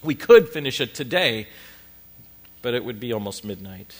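In front of his congregation, a middle-aged pastor delivers a playful, self-mocking anecdote as part of his sermon, animatedly performing family moments. He speaks in a mid-range voice at a normal speed.

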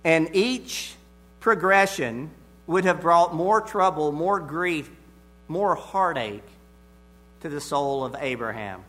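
A man preaching an expository sermon, deliberate and emphatic, repeating his key phrases. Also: fairly high pitch, expressive, fairly bright tone.

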